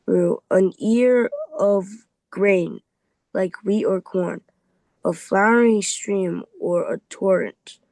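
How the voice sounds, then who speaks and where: A man's voice: high-pitched, slow, a little mellow, no echo, low-quality recording. A man reading aloud in a Bible class, stumbling over words and restarting often.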